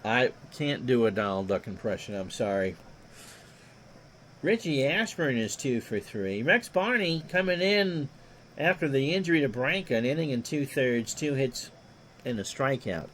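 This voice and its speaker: A man's voice: mid-range voice, normal speed, a little hiss or hum. A man doing play-by-play for a replayed baseball game, reading stats and joking with chat between plays. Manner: reads stats in a steady run, jokes with chat between plays. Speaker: play-by-play announcer.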